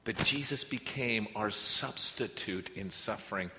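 Man, pastor, sermon, earnest, lowish voice, bright tone, long reverb. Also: lively intonation, moderate pace, few pauses. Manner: earnest, swings between soft and emphatic. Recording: reverberant hall with faint noise.

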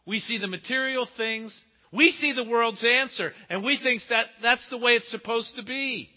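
A man preaching a sermon emphatically, asking rhetorical questions and swinging between loud and hushed delivery. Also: extremely high pitch, moderate pace. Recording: muffled with long hall reverb.

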